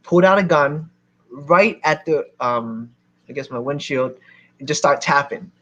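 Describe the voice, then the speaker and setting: A man from Philadelphia telling a lively story to a seminar audience as a real estate investor, acting out the people in it. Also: fairly high pitch, a little slow, highs cut off. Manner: animated, acts out other people's lines.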